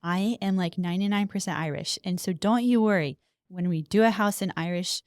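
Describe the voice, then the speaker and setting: Smooth, low-voiced woman podcaster. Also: fairly quick, a little mellow, no room sound, studio quality. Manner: chatty, reads history notes aloud with asides. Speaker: podcast co-host. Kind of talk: casual podcast chat.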